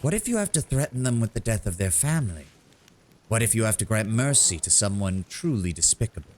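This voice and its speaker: A man's voice: fairly low pitch, big pitch swings, a little mellow, a little hiss or hum, pitched above the performer's own voice. A shrewd kobold bard, as a man reads him. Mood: sly. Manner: measured storytelling, grows sonorous and dramatic. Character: male kobold bard, shrewd, worldly, teasing. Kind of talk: reading game dialogue aloud.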